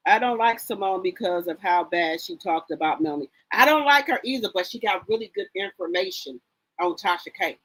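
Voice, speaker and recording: A woman's voice: medium pitch, animated, fairly quick, fairly bright tone, low-quality recording. A woman hosting a live stream, chatting casually about gossip and greeting viewers by name in a sassy, chatty way. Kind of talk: casual gossip commentary, reading chat aloud.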